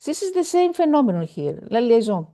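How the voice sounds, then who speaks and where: A woman's voice: fairly high pitch, sing-song, a little fast, mellow. A woman teaching a French lesson over a video call, speaking hesitantly with many fillers and repeating each example. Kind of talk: online language lesson.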